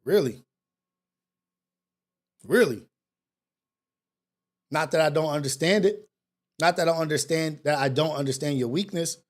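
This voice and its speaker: A man's voice: on the high side, unhurried, pauses often. A man hosting a talk show, delivering a preachy monologue with street slang and repeated rhetorical questions. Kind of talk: impassioned monologue.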